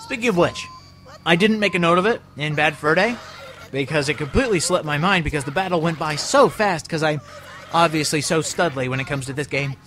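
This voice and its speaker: A man's voice: on the high side, brisk, a bit bright. A young man giving rambling, joking commentary over a video game. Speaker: let's play commentator. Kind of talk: gameplay commentary.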